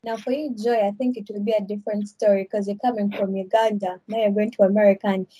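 A woman's voice: medium pitch, flat delivery, fast talker, dark tone, husky, lo-fi sound. A woman co-hosting a podcast in casual chat, asking a co-host a question in a playful way.

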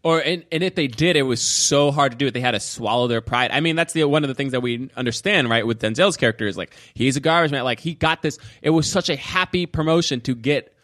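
A man's voice: mid-range voice, fast, few pauses, fairly bright tone, dry recording, studio quality. A man co-hosting a podcast who talks casually about a film and acts out the characters' lines as he retells scenes. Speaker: podcast co-host.

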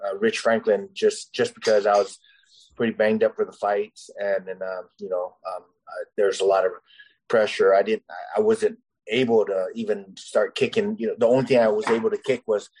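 A man's voice: lowish voice, steady tone, moderate pace, darkish tone, breathy edge, poor audio. Guest fighter, male, loose rambling delivery, lots of fillers, conversational. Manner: rambling, heavy with "you know" and "uh" fillers. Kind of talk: casual storytelling interview.

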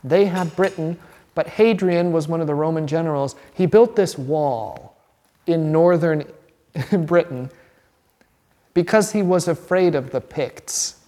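Chatty pastor teaching a class, reverberant hall. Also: male voice, on the high side, measured pace. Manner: animated, chatty, asks the class questions.

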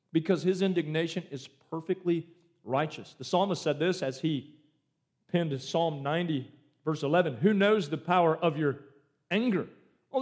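Male pastor, sermon delivery, high-pitched and emphatic. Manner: emphatic preaching with dramatic shifts in pace and loudness.

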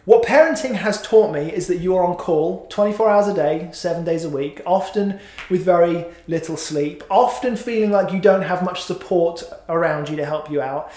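A man's voice: high voice, normal speed, warm tone. Man, middle-aged, pastor, sermon, conversational, self-mocking, filler words, echoey room. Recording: echoey hall.

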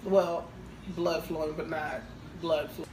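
A woman's voice: sits low, slow pace. Frank, laughing woman podcast co-host. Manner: frank, crude and laughing, animated storyteller. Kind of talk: casual podcast chat. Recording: roomy, distant mic with faint hiss.

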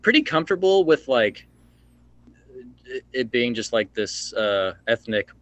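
A man's voice: mid-range voice, very animated, measured pace, a bit bright, no room sound. A man co-hosting a movie podcast, talking thoughtfully and rambling about films. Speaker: podcast co-host. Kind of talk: casual movie review chat.

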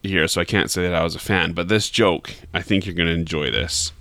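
A man's voice: sits low, fairly even intonation, fairly quick, pushed and bright, no room sound. A man, hosting a casual podcast and telling a long joke, with many repeated words. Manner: rambling, repeats words, voices characters in a joke. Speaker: podcast host.

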